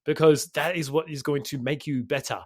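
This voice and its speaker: A man co-hosting a podcast as a fitness coach, rambling quickly and swearing casually. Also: a little high, fairly even intonation, darkish tone, no echo, clean studio sound. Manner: fast, rambling, swears casually, says mate.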